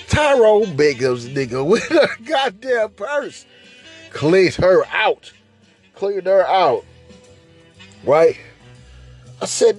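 A man telling a profane, animated story in casual slang, laughing as he goes. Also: fairly high pitch, takes it slowly, pauses often, soft background music. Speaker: podcast host.

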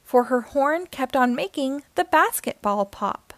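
Woman reading a children's rhyming book aloud, high voice, gentle lilt, dry close sound. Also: expressive, unhurried, no room sound. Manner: gentle, lilting storybook rhythm.

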